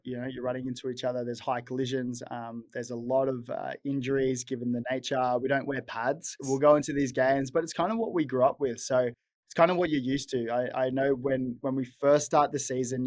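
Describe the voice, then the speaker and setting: A young man with an Australian accent talks easily in a relaxed interview, upbeat and chatty, calling people mate. His voice sits at an ordinary pitch. The recording is close and dry, with no room sound. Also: a little fast, no room sound. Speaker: guest, former rugby league player. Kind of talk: casual interview chat.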